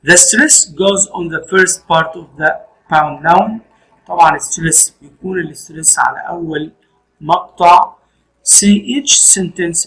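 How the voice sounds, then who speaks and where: Egyptian male teacher, bright voice. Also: fairly high pitch, poor audio. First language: Arabic. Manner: explains each point again in Arabic. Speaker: English teacher. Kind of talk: classroom lesson switching between English and Arabic.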